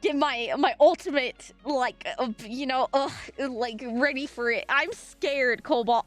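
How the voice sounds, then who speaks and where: Bubbly, high-pitched woman streamer. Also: fairly bright tone. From French Canada. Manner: bubbly, rambling, full of fillers and sudden squeals. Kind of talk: casual live-stream chat. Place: home streaming room.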